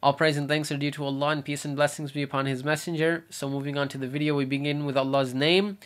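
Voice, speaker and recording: A young man giving a casual lesson on letter sounds, repeating each sound slowly to demonstrate it. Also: on the high side, level tone. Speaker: Arabic letters teacher.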